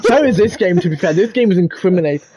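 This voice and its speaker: A man's voice: sits high, lively intonation, fast, dark tone, no echo. A young man giving casual, jokey let's-play commentary and swearing freely. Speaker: gaming YouTuber.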